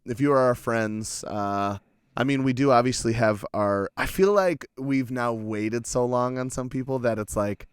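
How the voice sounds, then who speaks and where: A man's voice: mid-range voice, measured pace, smooth, no echo, clean studio sound. Joking man bantering with "dude"s. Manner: jokey banter, frequent "dude" and "yeah" reactions. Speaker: podcast co-host. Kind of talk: casual chat.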